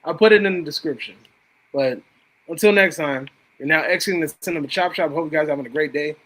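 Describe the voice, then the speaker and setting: A man's voice: on the high side, fast talker, a bit bright, poor audio. A young man hosting a live stream, chatting casually about horror movies and swearing freely. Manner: laid-back, swears freely.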